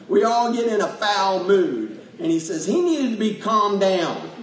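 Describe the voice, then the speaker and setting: A man's voice: high-pitched, very animated, a little slow. A man preaching a folksy, emotional sermon to a congregation, laughing often as he talks. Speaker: pastor. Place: church sanctuary with congregation. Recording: echoey church, voice from far off.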